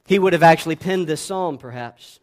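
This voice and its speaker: A man preaching a sermon as pastor, boisterous and emphatic, swinging between loud declarations and hushed, soft passages. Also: fairly high pitch, a little fast.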